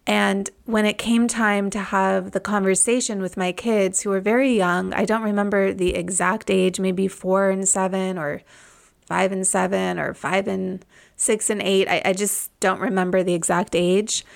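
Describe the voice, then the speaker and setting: Woman with a gravelly voice, reflective. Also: mid-range voice, level tone. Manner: reflective, heartfelt, unhurried. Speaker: podcast host. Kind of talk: personal storytelling monologue.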